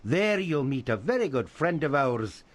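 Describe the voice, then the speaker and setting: An actor playing a mysterious, conspiratorial figure in a fantasy game, speaking cryptically. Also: male voice, mid-range voice, sing-song, normal speed. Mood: cryptic.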